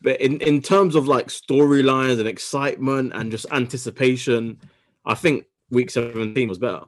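Guy hosting a sports podcast, chatty, trips over his own words, mid pitch. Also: fairly even intonation. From United Kingdom. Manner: quick, self-correcting, talks over himself. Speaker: podcast host. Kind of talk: casual sports podcast chat.

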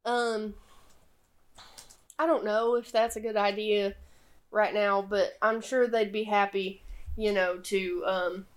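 A woman voicing a gloomy, nervous male carnival clown who talks in a hurried, hedging way in a tabletop game. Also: high voice, very animated, pushed and bright, pitched above the performer's own voice, full character voice.

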